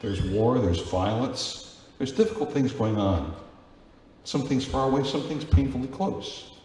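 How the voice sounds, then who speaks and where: A priest preaches a Sunday homily in a relaxed, chatty way, his pitch rising and falling often as he asks the congregation questions. His voice rings through a large church with strong, lingering reverb and faint room noise behind him. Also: unhurried. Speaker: Catholic priest. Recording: very echoey church with long reverb, faint ambience.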